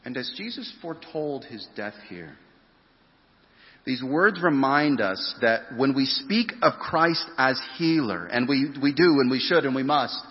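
A man's voice: medium pitch, expressive. Man preaching in a reverberant hall. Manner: earnest, emphatic preaching with rising stresses and slow drawn-out phrases. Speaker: pastor. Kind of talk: sermon. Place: church sanctuary. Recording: dull sound with long hall reverb.

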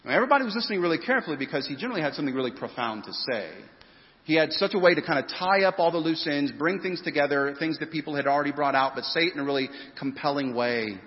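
A man preaching a sermon in a church hall, his voice trailing off into long reverb. He is earnest and emphatic, leaning hard on key phrases and drawing some out slowly. The recording sounds muffled and a little dull. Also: on the high side, expressive. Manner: earnest, emphatic preaching with rising stresses and slow drawn-out phrases. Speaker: pastor. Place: church sanctuary.

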